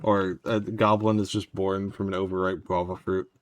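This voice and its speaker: A man's voice: low-pitched, flat delivery, moderate pace. A man streaming a game, chatting casually and wryly with his viewers as he plays. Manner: rambling, wry, talks to chat. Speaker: gaming streamer. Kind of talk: casual gameplay commentary.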